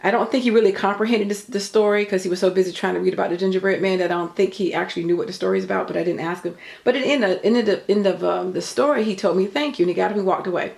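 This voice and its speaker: A woman's voice: medium pitch, steady tone, very fast, gravelly, few pauses, a little mellow, reverberant. An older woman telling a story in an earnest, chatty way, full of faith talk. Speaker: vlogger. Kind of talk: casual storytelling.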